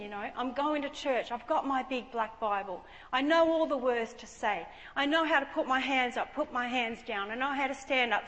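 High-voiced woman preaching in echoey hall. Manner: animated storytelling, swings from hushed to loud. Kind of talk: testimony sermon.

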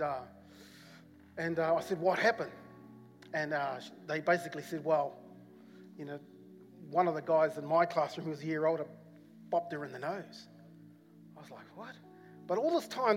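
A man from New Zealand with a New Zealand accent, preaching a sermon as a rambling personal story full of fillers and repeats. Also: high-pitched. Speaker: pastor. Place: church hall. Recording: long church hall reverb with faint music.

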